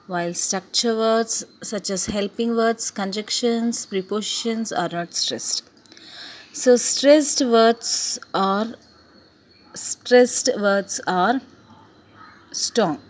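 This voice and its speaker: Slow, deliberate woman teaching a lesson. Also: medium pitch, slight background noise. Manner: slow and deliberate, repeats key points. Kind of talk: recorded English lesson.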